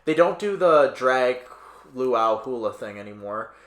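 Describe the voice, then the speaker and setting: A young man co-hosting a podcast, rambling through film opinions with fillers, quick asides and easy laughs. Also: medium pitch, lively intonation, fairly bright tone. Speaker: podcast co-host. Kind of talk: casual film review chat. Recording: roomy echo.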